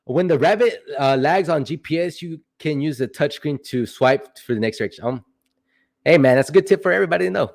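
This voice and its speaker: A man's voice: a little high, animated, brisk, vocal fry. A young man hosting a casual livestream, answering chat questions in a rambling, playful way with joking asides.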